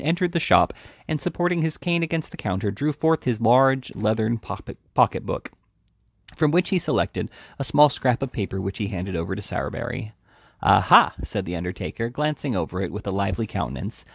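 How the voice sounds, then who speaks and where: A man reading a classic novel aloud in an unhurried, lively way, with small slips and restarts. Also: mid-range voice, gravelly, no echo, clean studio sound. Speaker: reader.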